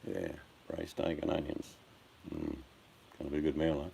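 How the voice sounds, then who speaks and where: A man's voice: a bass voice, little pitch movement, moderate pace, vocal fry, warm tone. An older Australian man chatting casually on a live stream, blunt and joking, addressing his viewers by name. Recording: faint background noise.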